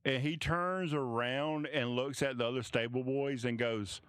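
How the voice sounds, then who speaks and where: A man narrating as game master of a tabletop game, halting and restarting often. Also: medium pitch, fairly even intonation, fairly bright tone, clear, resonant tone, dry recording, studio quality. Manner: halting, many restarts and fillers.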